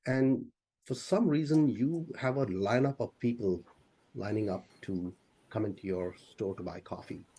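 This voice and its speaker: Husky low-voiced man coaching casually. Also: normal speed, warm tone. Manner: conversational, loose, peppered with "you know". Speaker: business coach. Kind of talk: casual online coaching session. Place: online video session.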